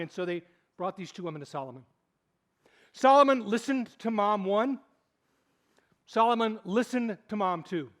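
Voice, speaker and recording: High-voiced animated pastor. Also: male voice. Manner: animated storytelling, swinging between loud and hushed. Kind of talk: sermon.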